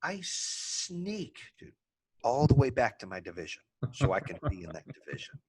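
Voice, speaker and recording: A man hosting a podcast, telling a story in a casual, animated way, swearing freely and laughing as he talks. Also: mid-range voice, normal speed, husky. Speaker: podcast host.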